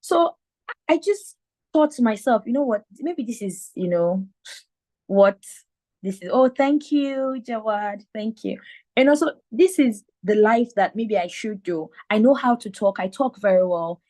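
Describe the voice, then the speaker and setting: A woman's voice: mid-range voice, a little slow. A woman in her thirties from Nigeria with a Nigerian accent and a slight lisp, telling her story as a mentor in a live video call. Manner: animated storyteller acting out quotes. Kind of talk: live online mentoring talk.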